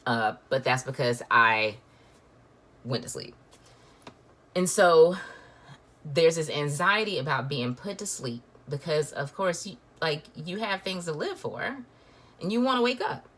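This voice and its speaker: A woman's voice: low voice, expressive, measured pace, pauses often, fairly bright tone. A woman, telling a personal story in a chatty, emotional way full of fillers. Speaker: vlogger.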